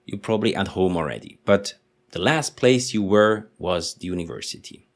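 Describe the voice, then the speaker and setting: A man teaching in English, explaining patiently and slowly repeating example sentences. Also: low-pitched. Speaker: German teacher. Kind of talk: language lesson explanation.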